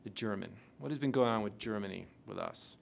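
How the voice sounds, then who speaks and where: A man lecturing a class, quizzing the audience with rapid questions. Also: lowish voice, creaky, slight background noise. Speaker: lecturer on intelligence oversight.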